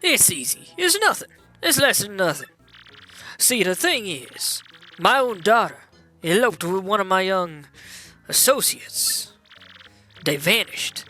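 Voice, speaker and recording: A man's voice: sits high, very animated, slow, pauses often, sharp tone, faint music behind, exaggerated voice. Don Pianta, a man doing a bossy gangster-accented mob boss. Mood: scheming. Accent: New York gangster. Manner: tough, bossy, clipped. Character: gruff older male mob boss. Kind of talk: video game dialogue read-along.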